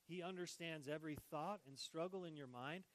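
Animated man preaching a sermon. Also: on the high side, normal speed, poor audio. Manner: animated, shifts between hushed and loud, jokes. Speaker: pastor.

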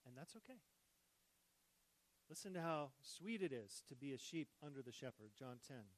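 A man preaching a sermon as pastor, swinging between hushed tender lines and loud, joking bursts. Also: medium pitch, moderate pace, rough recording. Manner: animated, shifts between hushed and loud, jokes.

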